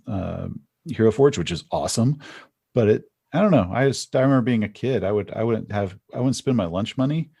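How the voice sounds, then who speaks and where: A man's voice: on the low side, lively intonation, fairly quick, creaky, dark tone, husky. A man talking as a podcast guest in casual conversation, rambling and chatty, restarting his sentences as he tells stories.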